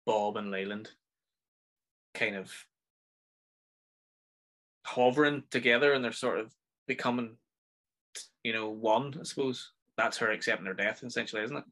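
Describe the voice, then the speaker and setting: Man, northern irish accent, podcast host, bright tense voice, rambling enthusiastic chat. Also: on the low side, normal speed, pauses often. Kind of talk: casual film review chat.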